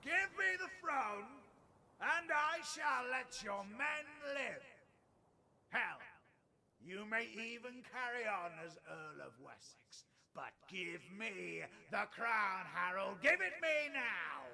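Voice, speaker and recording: A man's voice: big pitch swings, slow, gravelly, pushed and bright, heavily acted. Man doing a pompous villainous duke. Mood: menacing. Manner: booming, theatrical, commanding. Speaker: comedy podcast host.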